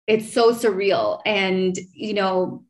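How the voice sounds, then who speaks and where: A woman's voice: medium pitch, steady tone, slow. A woman in her thirties hosting a podcast, telling a personal story in a chatty way, full of fillers and restarts. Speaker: podcast host.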